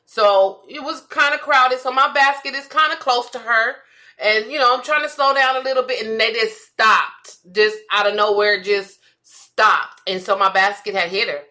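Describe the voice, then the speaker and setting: A woman with a bright, somewhat high voice chats on a podcast. She tells animated stories, laughs often and acts out the lines of the people in them. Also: normal speed. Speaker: podcast co-host, comedian. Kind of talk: casual chat.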